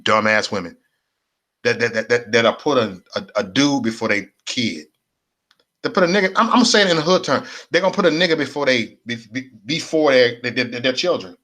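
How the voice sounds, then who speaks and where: A man's voice: mid-range voice, lively intonation, brisk, bright, forceful tone. Rambling, slangy man on a livestream. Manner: rambling, repetitive, slangy and profane. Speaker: livestream host. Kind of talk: casual livestream rant.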